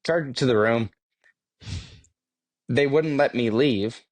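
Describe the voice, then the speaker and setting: A man's voice: mid-range voice, slow, no echo. A man guesting on a podcast, telling stories casually, swearing freely and laughing as he goes. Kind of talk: casual storytelling. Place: podcast studio.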